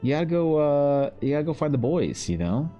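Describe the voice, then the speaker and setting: A man's voice: a little high, sing-song, a little fast, dark tone, highs cut off. A young man streaming live, chatting casually with viewers, rambling, swearing freely, and calling everyone man or bro. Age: young adult. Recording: faint music behind.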